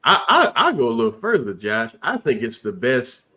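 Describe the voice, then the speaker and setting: A man's voice: mid-range voice, sing-song, normal speed, bright, forceful tone. A man with a mid-range voice talks with real enthusiasm in a casual review chat. He stresses his points and often repeats words as he gets going. He sounds like an eager podcast co-host.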